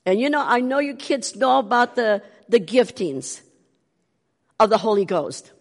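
A woman's voice: on the high side, unhurried, big-room sound. An older woman tells her testimony animatedly, acting out the voices of the people in her story. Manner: animated, acts out quoted voices. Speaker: speaker giving a testimony.

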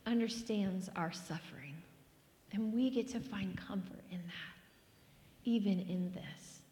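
A woman pastor delivers a sermon and prayer, earnest and heartfelt, sometimes sinking to a hushed near-whisper. Her voice sits a little high. It rings out with a long reverb, as in a large church sanctuary. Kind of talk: sermon with scripture reading and prayer.

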